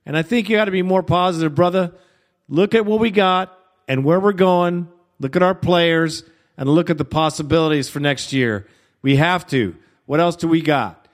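A man's voice: fairly high pitch, moderate pace. A man hosting a sports call-in show, upbeat and calling his callers brother. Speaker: radio host. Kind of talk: sports talk radio.

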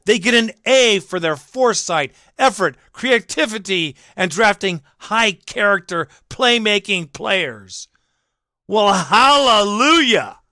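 Rich: A man with a high, sharp voice rants through a sports podcast, full of sarcasm and mockery aimed at an absent critic. The sound is close and dry, with no room around it, and his indignation spills into swearing. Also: expressive, measured pace, few pauses, no echo. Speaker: podcast host. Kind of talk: ranting sports commentary.

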